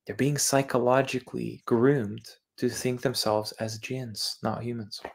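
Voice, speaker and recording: A man's voice: medium pitch, steady tone, measured pace, creaky. Man repeating words in an insistent lecture. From Eastern Europe. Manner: repeats words over and over while explaining them. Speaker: channel host. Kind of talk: livestreamed religious monologue.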